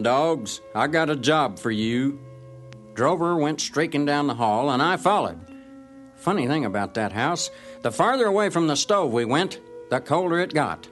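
A man's voice: a little high, fairly bright tone. Folksy man narrating as a cocky dog. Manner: folksy, self-important storytelling. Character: cocksure male ranch dog narrator. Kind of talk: storybook narration in character as a dog.

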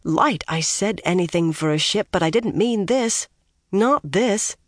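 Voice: medium pitch, lively intonation, unhurried, dry recording, studio quality. A reader voicing a firm, commanding young woman who insists she be obeyed. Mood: dismayed.

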